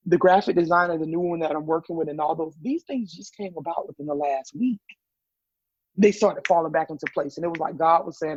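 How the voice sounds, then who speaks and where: Southern man in his guest seat, husky and pitched a bit high, tells lively stories and acts out the voices in them. Dull, muffled podcast sound. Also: brisk, dry recording. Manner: animated storyteller acting out quoted voices. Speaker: podcast guest, business owner. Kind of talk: casual interview chat.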